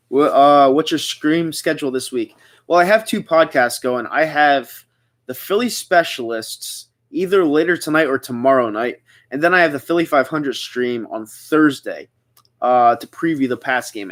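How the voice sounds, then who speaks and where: Young man, from the Philadelphia area, casual livestream host, chatty, rambling, reads chat aloud, mid-pitched voice. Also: fairly bright tone. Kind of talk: casual live chat reading comments.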